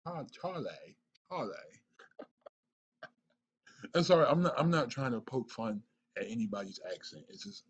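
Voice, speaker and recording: Excitable man reacting on a lo-fi mic. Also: medium pitch, normal speed, long pauses, slightly rough. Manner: excitable, stammering, repeats himself. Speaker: reaction video host. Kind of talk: casual reaction commentary.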